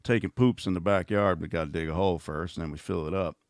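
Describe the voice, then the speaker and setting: Here the middle-aged livestream host talks at a quick pace, rambling casually and dropping sarcastic jabs. His voice sits very low and deep, captured in a dry, close recording with no surrounding room.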